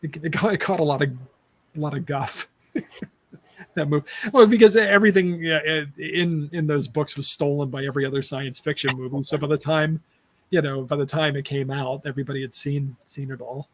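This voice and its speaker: A man's voice: on the high side, fairly even intonation, brisk. A man co-hosting a casual movie podcast, blunt and opinionated and laughing often. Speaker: podcast co-host.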